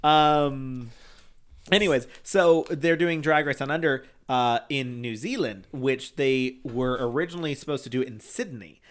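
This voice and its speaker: A man's voice: mid-range voice, a little slow. A man co-hosting a podcast, chatting casually in a campy, talkative way with lots of fillers and swearing. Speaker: podcast co-host. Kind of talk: casual chat.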